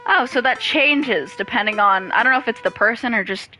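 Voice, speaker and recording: Bright-voiced woman narrating a game. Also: on the high side, fairly quick, faint music behind, low-quality recording. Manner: playful, giggly asides. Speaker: gamer. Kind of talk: let's play commentary.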